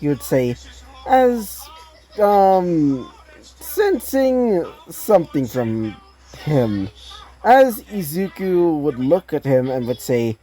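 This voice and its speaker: Woman narrator, fan story, rambling with fillers, low, slow, mellow. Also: sing-song. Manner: rambling, many fillers, laughs at own slips. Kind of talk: casual fan-fiction story reading.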